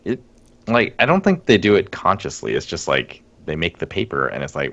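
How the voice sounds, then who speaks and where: Co-host: a low, gravelly man whose pitch swings a lot, rambling with frequent laughs. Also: huge pitch swings, normal speed, fairly bright tone. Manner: laughs often, rambling and wry. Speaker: podcast co-host. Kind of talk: casual gaming chat. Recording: dull lo-fi stream audio.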